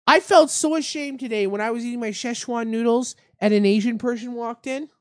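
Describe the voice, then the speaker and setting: A woman's voice: on the high side, fairly quick, no echo, clean studio sound. Young woman ranting as a mock radio host. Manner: mock-outraged, ranting, swearing. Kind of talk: satirical mock talk-radio rant.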